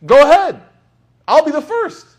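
A man's voice: extremely high pitch, big pitch swings, moderate pace, pitched above the performer's own voice. A man voicing a humble but defiant older male scholar, exclaiming emphatically.

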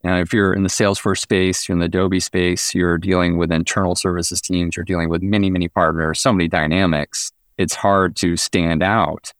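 A man's voice: low-pitched, normal speed, few pauses, no echo, clean studio sound. A man, a company founder, answering as a guest on a business podcast and sometimes acting out quoted exchanges. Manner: animated, acts out quoted exchanges.

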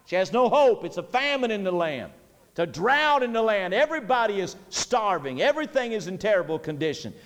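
A man preaches in a church, his fairly high voice rising and falling with lively swings of pitch. He retells scripture in plain folksy paraphrase and climbs higher when he presses a point. The service recording carries a long hall reverb. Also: fairly quick. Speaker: pastor. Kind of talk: sermon. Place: church sanctuary.

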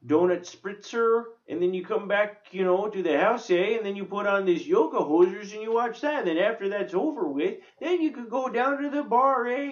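A cheerful stereotyped Canadian fellow, as a man puts him on, with a put-on Canadian accent that bounces up high and sing-song. He tags his phrases with a chatty "eh". The recording is dull and lo-fi.

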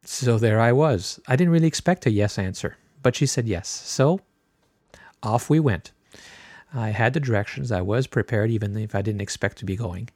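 A middle-aged man hosting a podcast, telling a personal story in a relaxed, chatty way with many filler words. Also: fairly low pitch, normal speed, dry recording, clean studio sound. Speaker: podcast host.

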